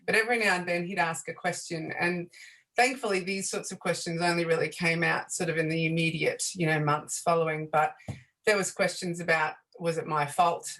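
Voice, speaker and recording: A soft-spoken woman in her forties answers interview questions in a slightly low voice. She talks hesitantly, with frequent fillers and restarts. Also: steady tone, fairly quick, low-quality recording. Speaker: guest, bereaved mother and author. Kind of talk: radio interview conversation.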